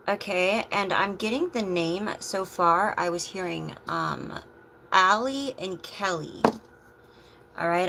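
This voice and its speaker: A woman chatting casually on a livestream as a tarot reader, meandering with soft asides. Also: on the low side, creaky, a little hiss or hum, rough recording.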